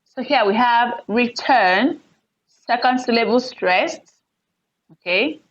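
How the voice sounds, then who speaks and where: A woman teacher giving an online English lesson on word stress, patiently explaining rules and repeating example words loudly with raised pitch. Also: takes it slowly, lo-fi sound.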